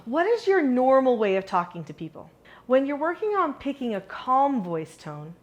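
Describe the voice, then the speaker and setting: A middle-aged woman teaching a parenting lesson to camera, upbeat and moving between animated and calm delivery. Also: high voice, moderate pace. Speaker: parenting educator.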